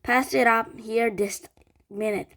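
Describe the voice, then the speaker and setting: A woman voicing an enormous, greedy old grandmother who shouts and scolds everyone, reading slowly. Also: fairly high pitch, fairly even intonation. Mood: loud scolding. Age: over 60.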